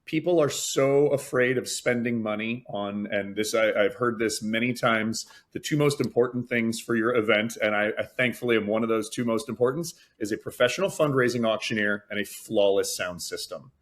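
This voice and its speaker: A fundraising auctioneer speaks energetically on a webinar in a lowish voice, at normal speed with few pauses. He explains things through stories, acting out announcements as he goes.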